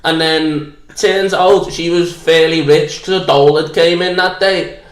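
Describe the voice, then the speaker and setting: A man's voice: a little high, steady tone, unhurried, reverberant. A young man from Liverpool with a Scouse accent, a podcast guest telling a long, crude, self-deprecating story in casual chat.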